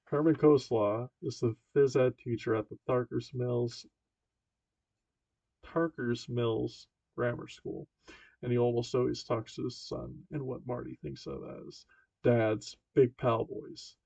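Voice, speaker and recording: Male amateur narrator, gravelly fry, stumbles and self-corrects, dead-dry muffled sound. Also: mid-range voice, fairly even intonation, unhurried, dark tone, no echo. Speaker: amateur audiobook reader. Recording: dull dry lo-fi home recording.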